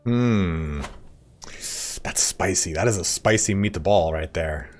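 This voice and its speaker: A man streaming a strategy game, chatty and relaxed, often saying "dude". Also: deep voice, takes it slowly, slight background noise. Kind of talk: casual gaming commentary.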